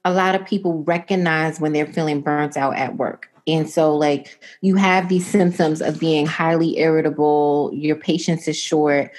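Low-voiced woman telling a workplace story. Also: normal speed, hardly any pauses. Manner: animated storyteller, quotes herself and others in voices. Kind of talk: casual chat, storytelling.

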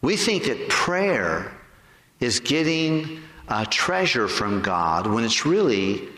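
A man preaches a sermon in a church sanctuary, his voice pitched in an ordinary middle range. He puts rhetorical questions to the congregation and slows down to draw out key words. The sound echoes around the big room, with a long reverb tail behind every phrase. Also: sing-song, sharp tone. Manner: stretches key words slowly for emphasis. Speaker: pastor.

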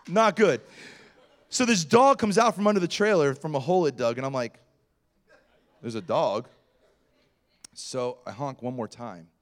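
A middle-aged male pastor telling a story in a sermon, acting out the voices of the people in it with big swings of energy. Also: a little high. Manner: animated storyteller acting out quotes.

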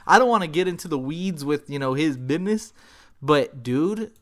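A young adult man from Texas, hosting a casual podcast chat and telling a story in an animated way, full of slang. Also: on the high side, normal speed. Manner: animated storyteller, heavy slang, acts out quotes.

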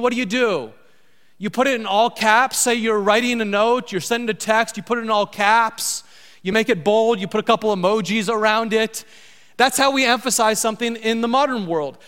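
A man's voice: very high-pitched, sharp tone. A middle-aged man preaching a sermon as pastor, emphatic and repeating key lines for stress. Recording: long hall reverb.

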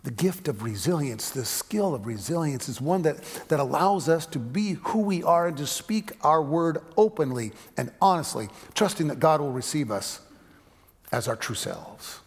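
A male pastor delivers a conversational sermon, his voice gravelly and a little husky. He lifts his voice to stress a point and drops to near a whisper in quieter moments. The sound carries the long reverb of a big hall. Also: a little high, expressive, moderate pace. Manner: conversational preaching, voice rising for emphasis, dropping to a hush for stories.

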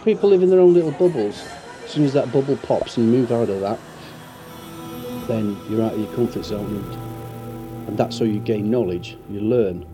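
A man's voice: lowish voice, moderate pace, music in the background. A man who was a military medic tells rambling, earnest anecdotes in a street interview outdoors on allotments.

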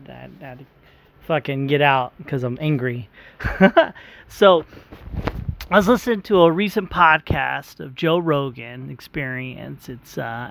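A man's voice: a little high, fairly bright tone. A man hosting a casual solo podcast, swearing freely and swinging from heated rant to rambling explanation. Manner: profane, heated and emphatic. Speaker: podcast host.

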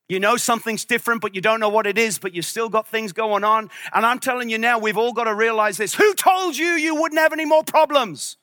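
Brief: passionate male pastor, sharp bright tone, dry close sound. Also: high voice, dry recording. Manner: passionate, at times shouting. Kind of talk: sermon.

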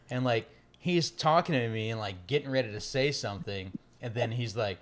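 A man's voice: medium pitch, fast. Crude joking man in casual chat. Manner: crude, joking, swears a lot.

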